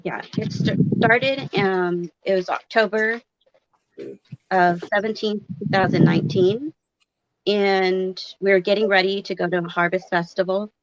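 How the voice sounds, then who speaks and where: A woman's voice: mid-range voice, fairly even intonation, a little slow, dull audio. A woman guest telling her own story with frequent hesitations and fillers.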